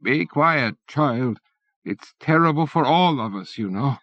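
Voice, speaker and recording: A man's voice: mid-range voice, lively intonation, unhurried, no echo, voice pushed up. A man reading an audiobook, voicing a quavery old man. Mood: pleading. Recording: dull lo-fi cassette.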